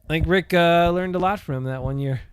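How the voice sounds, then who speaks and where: A man's voice: on the high side, fairly quick, clean tone, dry recording. A man co-hosting a casual sports talk show, joking, swearing now and then and reading out viewer comments. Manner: joking, swears freely, reads out chat comments.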